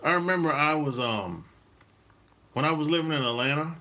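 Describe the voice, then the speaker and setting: A man hosting a dating-advice channel, talking in a relaxed, rambling monologue, repeating his points and laughing often. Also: fairly high pitch, normal speed. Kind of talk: casual monologue.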